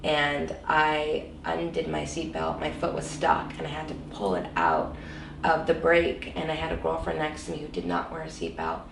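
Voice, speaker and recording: With a deep, animated voice full of vocal fry, a woman guest speaks at normal speed about her life, earnest and reflective, saying "you know" a lot. She's recorded from a distance, slightly off-mic, with a noisy background, roomy echo and faint ambience.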